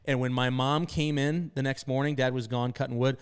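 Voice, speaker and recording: Animated storytelling man from Maine. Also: mid-range voice, brisk, clear, resonant tone. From northern Maine, USA. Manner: animated storyteller, acts out quotes. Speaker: podcast host. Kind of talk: casual storytelling chat.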